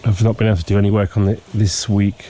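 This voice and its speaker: A man with hay fever, sniffling and clearing his throat, casually narrating a walking tour outdoors at dawn. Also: lowish voice. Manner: relaxed, unhurried, frequent ums and pauses. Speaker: homestead vlogger. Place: outdoors in a countryside yard at dawn. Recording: faint outdoor noise with birds. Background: birdsong and insects.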